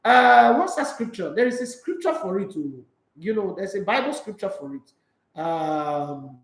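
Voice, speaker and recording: Nigerian male sports host, high-pitched, preachy, echoey room. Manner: animated and preachy, with emphatic repeats. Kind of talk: opinionated sports commentary monologue.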